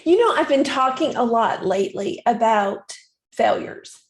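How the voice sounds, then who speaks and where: A woman's voice: fairly high pitch, expressive, measured pace. A woman podcast host who responds with affirming, reflective remarks. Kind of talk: casual interview. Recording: echoey room.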